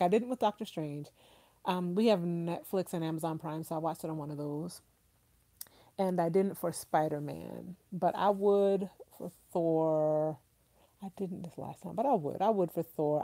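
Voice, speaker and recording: A woman's voice: lowish voice, dark tone, dry recording. A woman hosting a casual live stream, chatting effusively, laughing often and reading out viewer comments.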